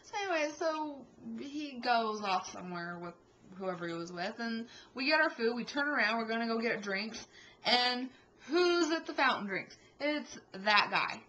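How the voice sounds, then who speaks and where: Bright, animated young woman storyteller. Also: on the high side, normal speed, slight background noise, poor audio. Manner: animated, exasperated retelling. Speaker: vlogger. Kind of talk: casual storytelling.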